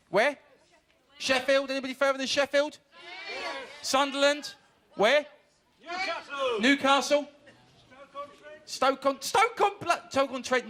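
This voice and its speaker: A man warming up a TV studio audience, joking and calling out to the crowd. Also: very high voice, a little hiss or hum. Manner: cheeky, joking, shouting to the crowd. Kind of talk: audience warm-up banter.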